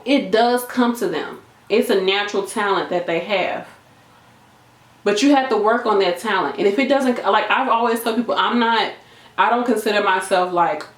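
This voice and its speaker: A woman nurse giving an animated, emphatic motivational talk to camera, chatty and repeating her points. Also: mid-range voice. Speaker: nurse and video creator. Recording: echoey room.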